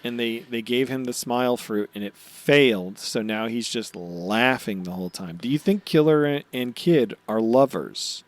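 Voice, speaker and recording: A man co-hosting a casual podcast, recapping anime episodes, excitable and swearing, acting out character lines in quick voices. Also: medium pitch. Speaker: podcast co-host.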